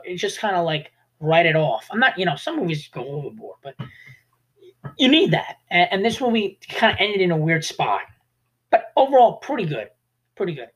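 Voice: medium pitch, fairly bright tone. A young adult talking through film reviews in a casual, rambling way, full of "like" and restarts. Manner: rambling, full of "like" and self-corrections. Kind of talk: casual spoken movie review.

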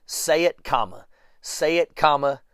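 A man's voice: a little high, measured pace, fairly bright tone, dry recording, studio quality. A man preaching a sermon, talking emphatically, repeating phrases over and over as he builds up.

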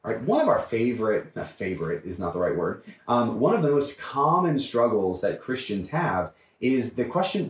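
A male priest leads a Bible study with a lively, swooping delivery and a slightly high voice. He presses his points with emphasis and keeps checking in with his listeners. He is heard from a distance in an echoey room. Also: measured pace. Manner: animated, emphatic, often checks in with "right?". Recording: echoey room, mic far off.

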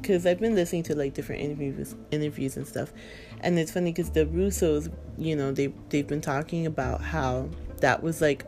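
A woman's voice: low voice, a little mellow. A woman chatting casually and emotionally about a film, rambling with lots of fillers. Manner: rambling, filler-heavy, emotional, laughing through tears. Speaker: movie fan vlogger. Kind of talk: casual chat.

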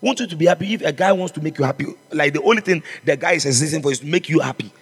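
Fervent pastor, husky voice. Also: male voice, fairly high pitch, rapid-fire, big-room sound. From Ghana. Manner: fervent, exhorting, calls out to congregation. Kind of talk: sermon.

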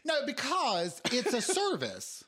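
A man's voice: very high voice, wildly swooping pitch, takes it slowly, pushed and bright. A man in casual conversation, musing aloud and acting out quoted remarks. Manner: musing, acts out quotes in different voices. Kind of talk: casual chat.

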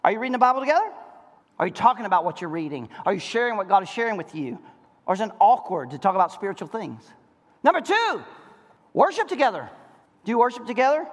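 Man, pastor, sermon, high-pitched, rhetorical questions, echoing church hall. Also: big pitch swings, fast. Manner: preaching with rhetorical questions, acting out voices. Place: church sanctuary.

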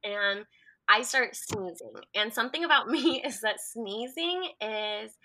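A woman's voice: a little high, unhurried, a little hiss or hum. A young woman telling a story in casual chat, laughing often as she talks. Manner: giggly, animated storyteller. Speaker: guest.

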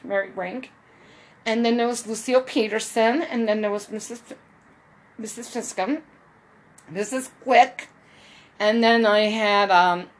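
Husky woman chatting about doing voices. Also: medium pitch. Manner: rambling, repeats lines from the clip. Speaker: amateur voice impressionist. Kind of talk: casual talk over a played clip.

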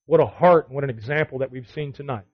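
A man's voice: mid-range voice, fast, no echo. Exhorting preacher man, muffled recording. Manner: exhorting with repeated commands and rhetorical questions. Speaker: Bible study teacher. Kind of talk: sermon.

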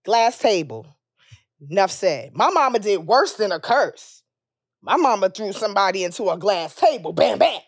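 A woman in her thirties co-hosting a podcast, telling candid stories in casual chat with frequent cursing and loud, high outbursts when she jokes. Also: big pitch swings, normal speed, no echo. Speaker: podcast co-host.

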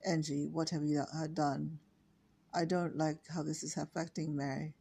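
Older woman reading as a fretful gentle mother. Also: low-pitched, little pitch movement, moderate pace, vocal fry, slightly rough, exaggerated voice. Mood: concerned.

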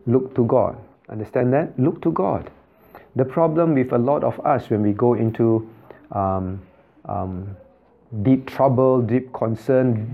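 A man preaches in a middle-pitched voice, pressing his points by repeating short phrases and turning questions back to his listeners. He speaks as a pastor addressing his congregation. The recording is a little dull and muffled. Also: creaky. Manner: asks the congregation frequent rhetorical questions. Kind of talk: sermon.

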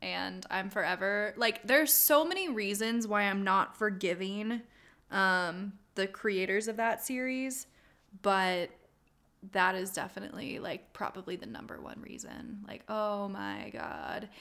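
A woman's voice: medium pitch, lively intonation, a little slow, fairly bright tone. A young woman co-hosting a podcast in casual chat, emphatic and swearing for emphasis. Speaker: podcast co-host.

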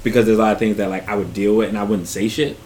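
A young man in casual chat, telling stories with bursts of loud laughter and profane banter. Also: on the low side, level tone, rapid-fire, slight background noise.

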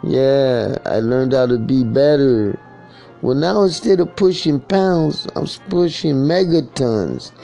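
A man's voice: mid-range voice, takes it slowly, vocal fry, dark tone, faint music behind. A man delivering a rambling, improvised comic monologue full of street slang and wordplay, sometimes drifting into chanted verse.

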